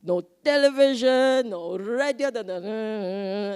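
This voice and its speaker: A woman's voice: fairly high pitch, slow, clear, resonant tone. Woman, retreat teacher, chatty dharma talk that quizzes the room. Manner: lively, conversational, asks the audience questions.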